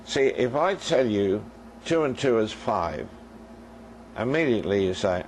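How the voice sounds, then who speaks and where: A man's voice: fairly low pitch, lively intonation, measured pace, long pauses, a little hiss or hum, poor audio. An older man preaching a sermon as a minister, telling stories and acting out their dialogue for his congregation.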